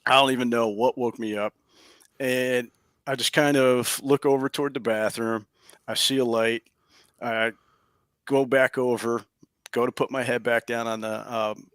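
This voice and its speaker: A man, a paranormal investigator, telling a story in animated, casual fashion from his home office over a video call, chuckling as he goes. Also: medium pitch, unhurried, clean tone, no room sound.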